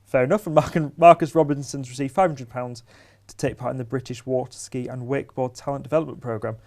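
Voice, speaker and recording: A man co-presenting local news in a casual studio chat, pausing often with ums and restarts. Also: mid-range voice, fairly even intonation, vocal fry, darkish tone. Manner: hesitant, lots of ums and restarts.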